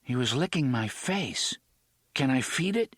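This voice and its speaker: A man voicing a gentle, curious young boy who asks soft, eager questions. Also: medium pitch, animated, a little slow, no echo, clean studio sound.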